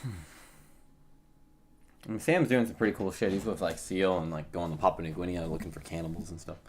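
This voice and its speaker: A young man streaming and chatting casually, rambling and trailing off into quiet mumbles. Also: sits low, a little fast, slight background noise. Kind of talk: casual live-stream chat.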